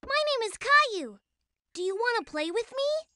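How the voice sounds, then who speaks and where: Caillou, a bright 4-year-old boy. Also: extremely high pitch, sing-song, normal speed, no echo, full character voice. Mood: cheerful. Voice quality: bright childlike.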